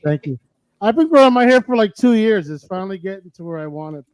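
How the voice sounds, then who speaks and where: A man's voice: high voice, animated, fast, a little mellow, clean tone, no room sound, low-quality recording. A man hosting a live radio stream, chatting casually and joking over a video call. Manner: loose, joking, swears casually. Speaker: radio show host.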